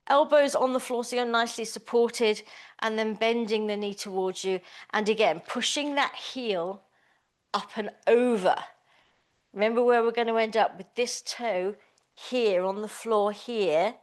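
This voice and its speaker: A woman's voice: on the high side, measured pace. A woman teaching a small Pilates class, giving encouraging, chatty cues. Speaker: pilates instructor. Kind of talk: live class instruction.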